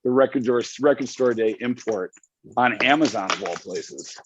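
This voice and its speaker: Guest, male, mid pitch, chatty and excitable, restarts his sentences, a little muffled over a remote call. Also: normal speed, noisy background. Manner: rambling, enthusiastic, frequent restarts. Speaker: magazine editor guest. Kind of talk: casual interview chat. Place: home with dog and wife nearby.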